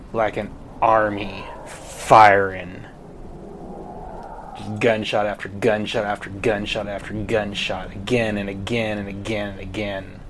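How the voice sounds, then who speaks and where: Low-voiced man narrating as game master. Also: a little hiss or hum. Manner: dramatic narration with casual asides.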